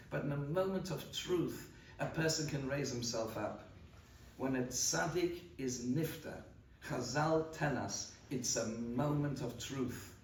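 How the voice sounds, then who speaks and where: A man, a rabbi delivering a eulogy sermon, earnest and storytelling, often repeating a word as he searches for the next phrase. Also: fairly high pitch. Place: large study hall. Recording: roomy hall audio from a distance, faint noise.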